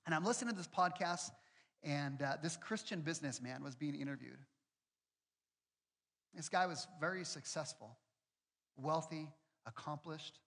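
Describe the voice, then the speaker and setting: A man's voice: on the high side, normal speed, vocal fry, pauses often, a bit bright. A male pastor preaching a sermon in a conversational, storytelling way with self-deprecating humor. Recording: long reverb with faint music behind.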